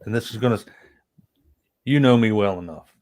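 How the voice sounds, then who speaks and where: Blunt, low-voiced man chatting. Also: normal speed, darkish tone. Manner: blunt, emphatic, swears freely. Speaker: guest co-host. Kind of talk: casual livestream chat.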